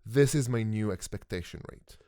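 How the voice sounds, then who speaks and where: A man's voice: fairly low pitch, normal speed, mellow, dry recording, studio quality. A young man hosting a podcast interview, enthusiastically restating his guest's points in casual chat. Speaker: podcast host.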